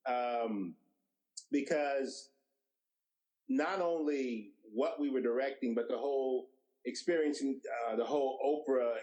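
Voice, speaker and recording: Middle-aged man, mid-pitched voice, anecdotal storyteller, acts out dialogue. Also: takes it slowly, muffled recording. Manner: animated storyteller who acts out quoted dialogue. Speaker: guest, TV director.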